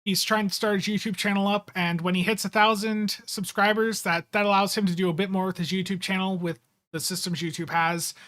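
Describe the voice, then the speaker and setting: A man with a notably high speaking voice hosts a live gaming stream in relaxed, casual chat. He rambles easily, with frequent ums and restarts. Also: a little fast, hardly any pauses. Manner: easygoing, rambling with fillers. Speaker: game streamer host.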